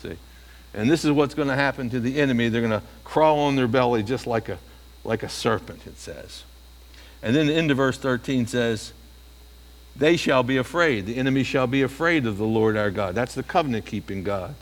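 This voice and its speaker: A man's voice: medium pitch, fairly quick, long reverb tail. A male preacher giving a sermon, often asking the listeners rhetorical questions.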